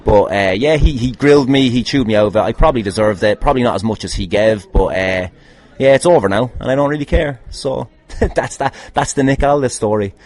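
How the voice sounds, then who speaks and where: A man's voice: mid-range voice, fairly quick, a little mellow. A man, answering listener questions on a podcast in a casual, swearing, self-mocking way with laughing asides. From Ireland.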